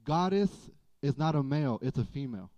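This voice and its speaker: A man preaching a sermon as pastor, in a folksy, animated way with playful asides. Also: mid-range voice, fairly quick. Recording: dull lo-fi church audio.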